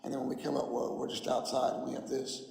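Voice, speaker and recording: A man's voice: medium pitch, completely flat delivery, fast, creaky, a little mellow, roomy sound, long reverb tail, poor audio. A man giving a combative, mocking livestream rant, his voice worn out. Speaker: flat earth streamer. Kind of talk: ranting livestream monologue.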